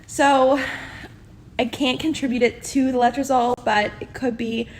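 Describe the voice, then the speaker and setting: A woman's voice: sits high, steady tone, moderate pace, a little hiss or hum. Chatty young woman filming a video diary. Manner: chatty and candid, with many fillers. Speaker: vlogger. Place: inside a car.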